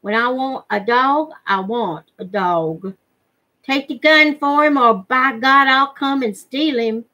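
A woman's voice: medium pitch, lively intonation, takes it slowly, hardly any pauses, a bit bright, highs cut off. A woman reading aloud, voicing a pushy, boastful backwoods man who insists on a trade. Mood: insistent. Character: pushy rough backwoods man trading a gun. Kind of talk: read-aloud storybook voice.

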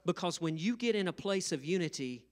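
A middle-aged male pastor preaching a sermon, telling a funny story, laughing often and rising to loud, emphatic bursts. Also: sits high, lively intonation, a little fast. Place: church sanctuary.

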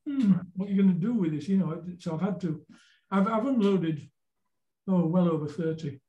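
In a casual interview, a Yorkshire folk singer-songwriter in his seventies rambles through anecdotes, repeating words and stumbling before he reaches the point. His voice is fairly high but mellow and dark, moving at a moderate pace. The lo-fi recording rings with room echo.

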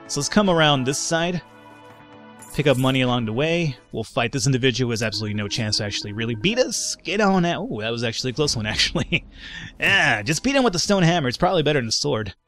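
A man giving casual commentary on a strategy game, quick to get frustrated and swearing often. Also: medium pitch, fairly bright tone. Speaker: let's play gamer.

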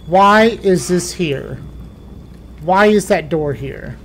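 A man's voice: high-pitched, slow, fairly bright tone, a little hiss or hum. A man playing a horror game, talking to himself nervously with jumpy exclamations. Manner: nervous running self-talk, jumpy exclamations. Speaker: gaming let's player.

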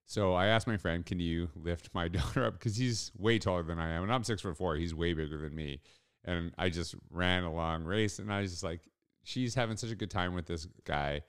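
A man's voice: deep voice, normal speed, clean tone. A middle-aged man hosting a solo podcast, telling a story in an earnest, reflective way. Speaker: podcast host.

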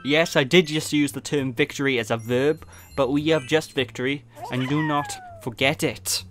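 A jokey man from Wales does casual let's play commentary over game music, rambling along with self-mocking asides. His voice is medium-pitched and a bit bright, at a moderate pace.

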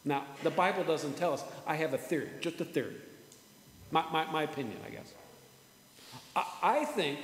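A man preaching a sermon as pastor, earnest, repeating words and slowing down for emphasis. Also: on the high side, sing-song. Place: church sanctuary. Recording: echoey church hall with faint ambience.

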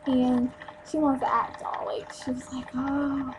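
Young woman from New Jersey, high-pitched, blunt and emphatic, casual rant into a hissy webcam mic. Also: level tone, unhurried. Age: young adult. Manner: blunt, emphatic, swears freely. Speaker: store clerk venting on a vlog. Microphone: built-in webcam mic. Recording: noisy webcam recording.

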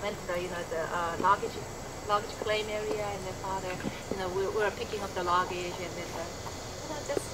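A woman giving a personal testimony to an audience, telling the story in an animated way, laughing often and restarting her sentences. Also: mid-range voice. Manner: halting, with many restarts. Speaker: testimony speaker. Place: event hall with an audience. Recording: live talk with loud crowd and noise.

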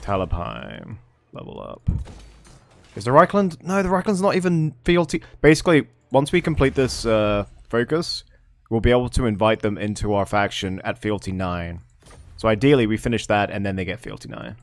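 A man's voice: fairly low pitch, very animated, moderate pace. A man giving casual commentary as he plays a strategy game, thinking aloud and swearing under his breath. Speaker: gameplay streamer. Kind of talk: casual let's-play commentary.

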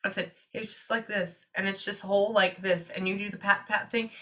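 A woman working as a psychic medium, giving a reading to a client and relaying messages in quick, chatty asides. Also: medium pitch, steady tone, pushed and bright.

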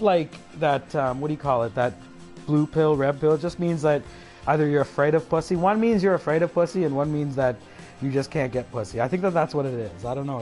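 A man's voice: mid-range voice, a little mellow. A man ranting aggressively on a livestream, swearing constantly, taunting, and mumbling asides. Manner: breaks into chuckles, mumbles asides. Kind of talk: profane livestream rant.

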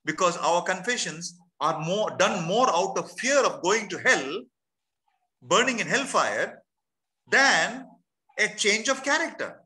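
Bright-voiced, emphatic male preacher. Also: high voice, very animated, takes it slowly, long pauses, rough recording. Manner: earnest, emphatic with repeated lists and spoken prayers. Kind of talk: sermon. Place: church.

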